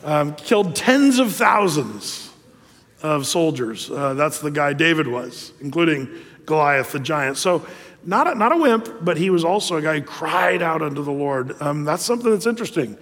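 A man's voice: on the high side, a bit bright, in a large hall. A middle-aged man preaching a sermon as a pastor, talking in a loose, conversational way with many fillers and asides.

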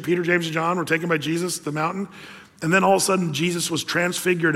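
Male pastor, lively storytelling sermon; fairly high voice, reverberant hall. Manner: lively storytelling, asks rhetorical questions.

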